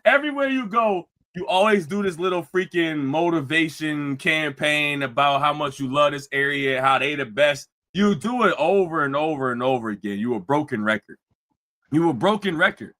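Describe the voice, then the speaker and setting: A man hosting a live stream, mocking a clip with fast, laughing rants. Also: on the high side, bright, forceful tone. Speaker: host.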